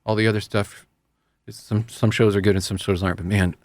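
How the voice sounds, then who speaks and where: A man's voice: fairly low pitch, fairly even intonation, brisk, no room sound. A man hosting a casual talk show, speaking in an earnest, rambling, self-deprecating way. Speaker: radio host. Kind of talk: casual chat.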